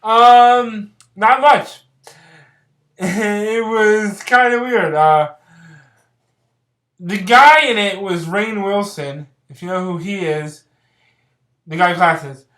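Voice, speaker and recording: Giggly rambling vlogger recapping a movie, lots of um and like, mid pitch, echoey room. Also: slow pace, long pauses, fairly bright tone. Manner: rambling, filler-heavy, giggly. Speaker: vlogger reviewing films. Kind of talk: casual movie plot recap.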